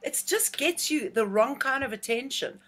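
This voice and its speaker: A woman, a singer-songwriter chatting as a guest in a casual interview, bubbly and quick to laugh. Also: high-pitched, expressive, a bit bright, slightly rough.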